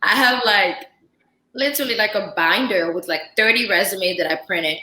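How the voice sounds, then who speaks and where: Lively woman telling a story in an echoey room. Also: medium pitch, normal speed. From Central Africa. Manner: animated storyteller, acts out dialogue, frequent "like". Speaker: chef, podcast guest. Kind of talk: casual storytelling chat. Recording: roomy, echoey podcast room.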